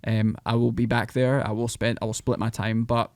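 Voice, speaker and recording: A man with a Scottish accent, a podcast guest who talks in animated, rambling bursts. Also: medium pitch, normal speed, gravelly, no echo, clean studio sound. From Scotland. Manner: animated, rambling, breaks into mock voices. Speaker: podcast guest, country singer. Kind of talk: casual podcast chat.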